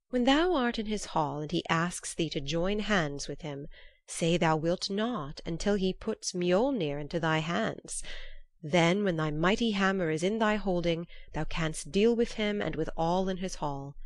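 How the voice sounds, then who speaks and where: A woman's voice: fairly low pitch, no echo. A woman voicing a cunning, mocking male trickster god in a storybook reading. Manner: sly, mocking.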